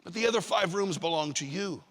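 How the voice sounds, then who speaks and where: A preacher voicing a gentle, patient Jesus who speaks softly, slowly and calmly. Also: male voice, high voice. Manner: soft, slow and calm. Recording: long hall reverb.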